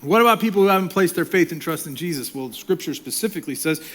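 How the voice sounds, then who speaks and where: A middle-aged male pastor preaching a sermon, swinging from loud, impassioned lines to hushed whispers. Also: fairly high pitch, animated, quick pace.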